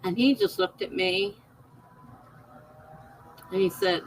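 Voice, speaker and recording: A woman's voice: medium pitch, takes it slowly, long pauses, a little hiss or hum, low-quality recording. A middle-aged woman hosting a live stream, chatting casually with viewers, laughing often and reading out their comments.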